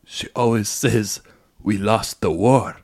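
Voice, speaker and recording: Improv comedy: a man doing a self-important French brother with a doctorate, low and creaky. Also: takes it slowly, darkish tone, no echo. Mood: haughty. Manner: mock-formal and theatrical.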